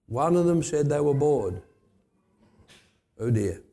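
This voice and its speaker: A middle-aged Australian man preaching a sermon, telling blunt, emphatic stories and jumping up in pitch to stress a point. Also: animated, slow, dark tone. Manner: blunt, emphatic storytelling with sudden rises for stress. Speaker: pastor. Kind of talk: sermon with personal anecdotes.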